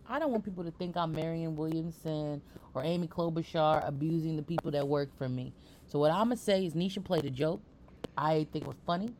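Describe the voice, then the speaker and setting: A woman's voice: low-pitched, darkish tone, slight background noise. A woman hosting a podcast in casual chat, playful and teasing, talking with lots of energy. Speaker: podcast host.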